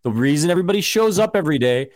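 A man's voice: on the high side, lively intonation, rapid-fire, dry recording. Argumentative male sports podcast host. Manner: conversational, rambling, argumentative. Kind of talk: casual sports chat.

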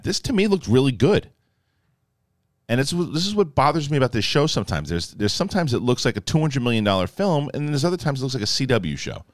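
A man casually reviewing an episode, animated and jokey, acting out the characters in quick asides. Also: mid-range voice, no echo, clean studio sound. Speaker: film and TV reviewer.

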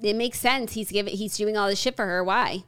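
A woman's voice: medium pitch, brisk, fairly bright tone, clean tone. Brief: woman co-host, casual banter, blunt opinions. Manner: blunt, agreeable, swears. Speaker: podcast co-host. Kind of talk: casual chat.

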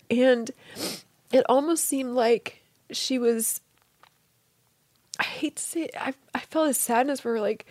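Creaky-voiced woman, tender and hushed. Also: a little high, no echo. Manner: tender and hushed, often dropping to a soft whisper. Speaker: interview guest. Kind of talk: emotional personal storytelling.

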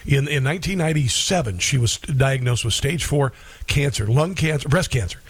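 A middle-aged man hosting a talk radio show, sharing a heartfelt personal story in a halting way, often restarting his sentences. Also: mid-range voice, expressive, breathy edge.

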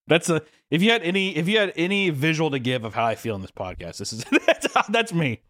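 A young man co-hosting a podcast in casual chat, animated and profane, often acting out voices. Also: fairly high pitch, normal speed, no room sound, clean studio sound. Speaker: podcast co-host.

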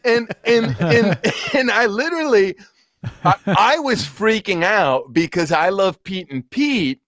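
A man in his thirties, a podcast guest, telling stories in an animated, chatty way with quick asides. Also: sits high, no room sound, clean studio sound. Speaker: podcast guest, polka band musician. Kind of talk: casual chat.

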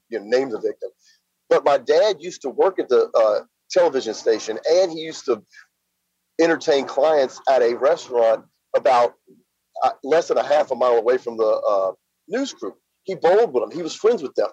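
A middle-aged man from Louisiana, a guest recounting events in a plain-spoken, halting way full of fillers. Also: mid-range voice, animated, darkish tone, slightly rough, no room sound. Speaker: interview guest. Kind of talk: casual spoken storytelling. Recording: slightly dull lo-fi sound.

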